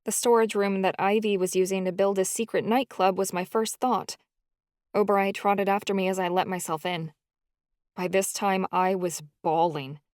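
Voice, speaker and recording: A woman narrating a first-person audiobook in an expressive, emotional storytelling style. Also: medium pitch, moderate pace, dry recording, studio quality.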